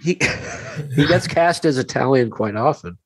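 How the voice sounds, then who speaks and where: A man's voice: medium pitch, animated, a little slow, crowd noise. A man co-hosting a casual comedy podcast, rambling in a wry, self-deprecating way, with an American accent. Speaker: podcast co-host.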